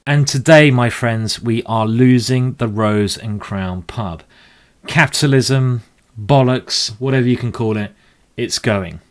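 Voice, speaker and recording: A man's voice: mid-range voice, unhurried. A man commentating live blitz chess games, rambling and emotional with tipsy asides. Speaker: chess streamer.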